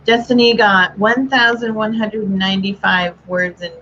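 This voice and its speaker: A woman's voice: medium pitch, steady tone, normal speed, pushed and bright, slight background noise. A woman hosting a casual livestream chat, upbeat and full of filler words. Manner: chatty, upbeat, lots of "like" fillers. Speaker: livestream host. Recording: dull lo-fi stream audio.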